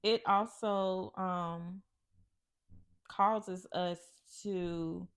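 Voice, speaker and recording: A woman co-hosting a podcast, talking in a relaxed, rambling way with fillers. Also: fairly low pitch, extremely slow, smooth. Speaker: podcast co-host. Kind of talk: casual chat.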